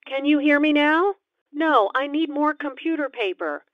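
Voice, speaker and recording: A woman playing a polite high-voiced caller on a dull phone line. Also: lively intonation, a little slow, dry recording. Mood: polite, urgent. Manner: asks for things politely. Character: friendly adult woman calling a coworker. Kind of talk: scripted dialogue. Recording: dull phone-like call audio.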